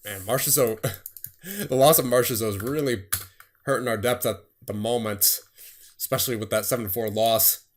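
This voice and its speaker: Young man, gaming commentary, quick bursts of scores, mid-range voice, tired voice, keyboard clicks behind. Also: medium pitch, slight background noise. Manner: rattles off scores in quick bursts, then laughs at himself. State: voice getting tired. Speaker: gaming streamer. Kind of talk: casual game commentary.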